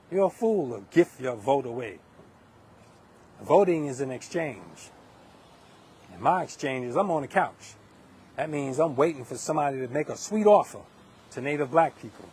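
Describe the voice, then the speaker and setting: A man's voice: on the high side, a little mellow, slight background noise. A middle-aged man from Long Island, hosting a live political monologue in an emphatic, preachy way with many restarts. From Hempstead, Long Island, New York. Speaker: livestream host.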